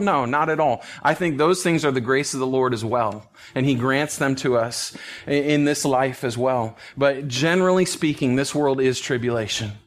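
An earnest male pastor teaching through a passage of scripture, with a voice set a little higher than most men's. He leans hard on key phrases and at times drops almost to a whisper. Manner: earnest, emphatic, with soft laughs and hushed phrases. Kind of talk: expository Bible teaching.

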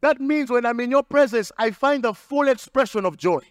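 High-voiced preaching pastor, dry sound. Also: male voice, normal speed, no echo. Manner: emphatic preaching with repetition and acted quotes. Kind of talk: sermon.

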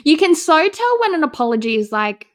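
A woman's voice: high-pitched, sing-song, fairly quick. A young woman co-hosting a podcast in casual chat, emphatic and full of "like". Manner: chatty, emphatic, lots of likes. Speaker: podcast co-host.

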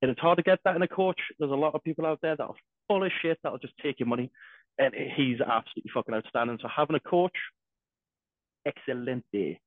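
A man's voice: medium pitch, fast, dry recording. A man co-hosting a podcast, talking casually and energetically, swearing often. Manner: heavy swearing, energetic, restarts. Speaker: podcast co-host. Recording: dry tinny phone-like sound.

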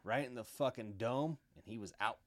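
A middle-aged man, a podcast guest, telling rough stories in a blunt, boastful way with heavy swearing. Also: mid-range voice, moderate pace, a bit bright, dry recording. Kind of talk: casual storytelling.

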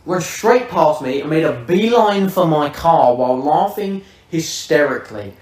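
A man's voice: on the high side, expressive, a little slow, darkish tone. A man hosting a podcast who tells a vivid, swear-laden comic story in casual chat. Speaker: podcast host. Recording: roomy, distant mic.

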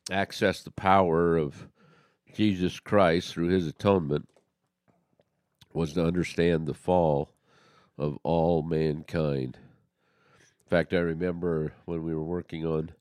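A man's voice: sits low, darkish tone, no room sound, clean studio sound. A man co-hosting a religious podcast, talking earnestly in a casual discussion and often restarting his sentences. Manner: earnest, halting with many restarts. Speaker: podcast co-host.

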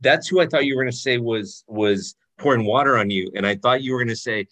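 A man hosting a podcast, chatting casually and relaxed with his guest. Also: medium pitch, fast. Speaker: podcast host. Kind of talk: casual interview chat.

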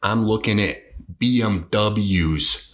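A man's voice: on the low side, takes it slowly. A young man hosting a casual podcast chat, talking bluntly and emphatically and swearing freely. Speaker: podcast host. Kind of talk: casual conversation.

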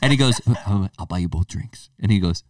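A man's voice: deep voice, quick pace, dry recording, studio quality, distant mic. A man co-hosting a podcast, chatting casually and acting out the people in his stories. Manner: animated storyteller acting out voices. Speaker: podcast co-host. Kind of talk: casual chat.

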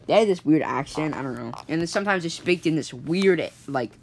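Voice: medium pitch, animated, brisk, slight background noise. A storyteller telling an improvised story in a casual, rambling way, full of fillers and restarts.

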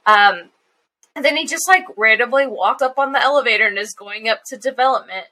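Bright-voiced chatty woman recapping. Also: a little high. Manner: chatty, laughing, quick asides. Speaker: podcast co-host. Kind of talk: casual episode recap.

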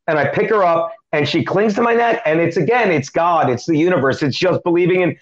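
High-voiced male comedian telling a story. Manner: animated, quick joking delivery with acted quotes. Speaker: comedian guest. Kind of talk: storytelling in an interview. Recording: dull lo-fi sound.

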